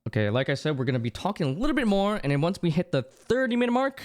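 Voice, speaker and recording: Young streamer just yapping to chat, super excitable, trips over words, voice swings up and down a lot. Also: medium pitch, very fast, hardly any pauses. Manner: rambling and excitable, with many restarts. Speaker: livestreamer. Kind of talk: casual chat with stream viewers.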